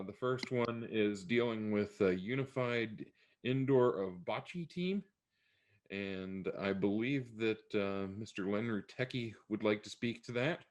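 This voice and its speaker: A man chairing a school board meeting, reading procedural notices in a plain way with many fillers. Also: lowish voice.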